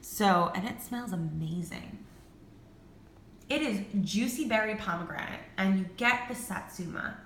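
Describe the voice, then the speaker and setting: A woman in her twenties gushing excitedly in a casual haul video, full of "like" and the odd swear word. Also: mid-range voice, a little slow, reverberant, a little hiss or hum. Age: 20s. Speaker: vlogger.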